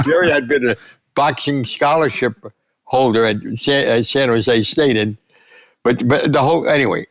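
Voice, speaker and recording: Older guy w a gravelly voice, telling old fight stories, acts out the quotes. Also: medium pitch, no room sound, studio quality. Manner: animated anecdotes, acting out quotes. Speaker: sportswriter guest. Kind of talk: storytelling interview.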